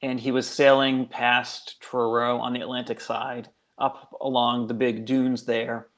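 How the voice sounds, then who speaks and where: A man's voice: medium pitch, flat delivery, unhurried, a bit bright. A male guest author telling a local legend in a casual, chatty way, full of fillers. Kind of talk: casual storytelling.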